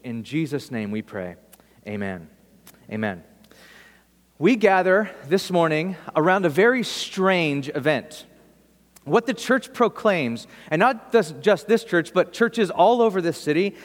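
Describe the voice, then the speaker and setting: In a large hall, a pastor with a slightly high voice gives a sermon in church. His delivery is relaxed and conversational, peppered with humorous asides.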